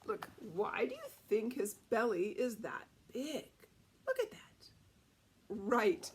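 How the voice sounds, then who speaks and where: A woman storyteller reading a picture book aloud to children, animated and asking them questions. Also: a little high, breathy edge.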